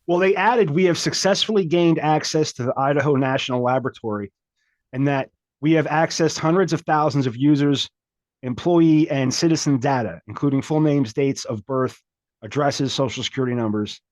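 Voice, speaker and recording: A man co-hosting a comedy podcast, talking in a halting, mock-serious way with lots of restarts. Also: a little high, darkish tone, dry recording. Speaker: podcast co-host. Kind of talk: casual comedic banter.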